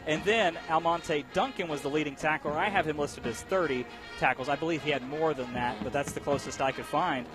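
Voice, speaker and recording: Male color commentator, quick and chatty, slightly high voice, music underneath. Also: low-quality recording. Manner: joking, talkative, quick. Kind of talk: high school football commentary.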